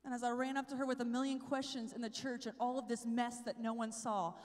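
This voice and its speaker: A young woman giving an animated talk at a youth conference, telling her story, sometimes whispering and sometimes shouting. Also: fairly high pitch, fast. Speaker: conference speaker. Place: large hall. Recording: long hall reverb.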